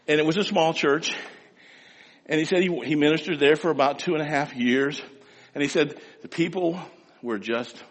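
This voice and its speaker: A man preaching a sermon to a congregation in a large hall, telling stories in a lively way and addressing the listeners directly. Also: medium pitch. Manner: animated storytelling, acts out loud pleading prayers. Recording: long hall reverb.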